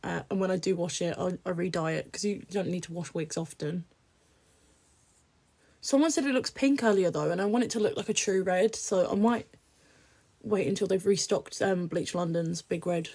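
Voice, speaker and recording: A woman's voice: on the low side, normal speed, darkish tone. A young woman chats with her viewers on a livestream. Her talk is casual, blunt and openly crude, and she laughs often as she goes. She keeps it loose and unfiltered.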